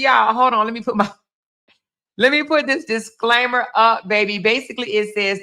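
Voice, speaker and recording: Bright chatty woman on a livestream, calling out viewers one by one. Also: fairly low pitch. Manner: greets viewers by name, chatty and affectionate. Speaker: livestream host. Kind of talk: casual livestream chat.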